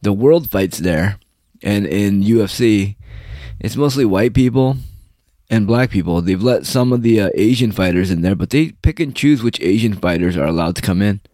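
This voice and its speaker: A man's voice: fairly low pitch, animated, moderate pace, warm tone, dry recording, clean studio sound. A young man from the United States delivering a rambling, profane, mocking monologue in casual chat.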